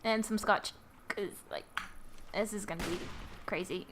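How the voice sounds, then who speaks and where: A woman's voice: mid-range voice, fairly even intonation, measured pace, background noise. A woman casually commenting while she plays a video game, giggling often and muttering flustered, self-mocking remarks to herself. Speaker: gamer playing and commenting. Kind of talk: casual let's-play commentary.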